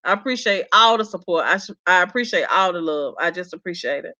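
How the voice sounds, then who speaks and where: A woman's voice: fairly low pitch, expressive, fairly quick, pushed and bright, highs cut off. A woman, chatting casually on a live stream as she reads viewers' comments aloud and laughs along with them. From South Carolina. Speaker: YouTube gossip vlogger reading live comments.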